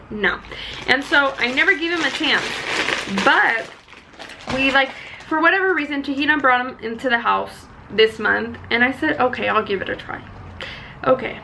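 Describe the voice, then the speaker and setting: Bright, gravelly-voiced excitable young woman. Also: slight background noise, poor audio. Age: young adult. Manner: chatty and excitable, high energy. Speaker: vlogger. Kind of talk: casual chat.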